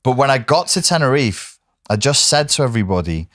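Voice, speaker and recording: A man's voice: medium pitch, fairly quick, no room sound, clean studio sound. A middle-aged man from the Wirral with a Merseyside accent, hosting a casual conversation and telling candid stories. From Wirral, England. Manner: animated storyteller, candid. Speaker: podcast host.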